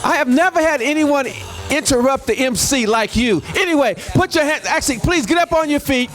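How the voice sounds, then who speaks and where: A man's voice: very high-pitched, lively intonation, brisk, fairly bright tone, soft background music. A man acting as emcee, teasing the audience and hyping up the next speaker in a showy, sing-song way. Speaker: event MC. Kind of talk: hyping up a live crowd.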